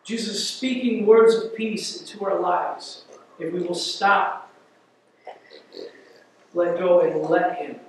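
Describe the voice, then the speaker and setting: Animated high-voiced pastor in an echoey church. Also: male voice, slow, long pauses, slight background noise. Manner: animated, acts out quotes, conversational asides. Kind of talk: sermon. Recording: echoey church hall from far off.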